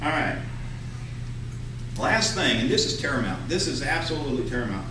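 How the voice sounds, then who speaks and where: A man lecturing a seminar crowd, firing questions at the listeners and driving his points home by repeating them. He is recorded from a distance in a big, very echoey hall, with clear room noise behind him. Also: mid-range voice, big pitch swings, normal speed. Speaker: business speaker. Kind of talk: live seminar talk to an audience. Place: large echoey room with an audience.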